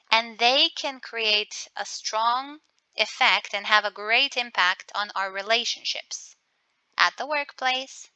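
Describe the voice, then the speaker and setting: A woman's voice: fairly high pitch, bright, forceful tone, clear, resonant tone, no room sound, poor audio. A woman communication coach teaching a webinar, explaining by example and asking the group questions.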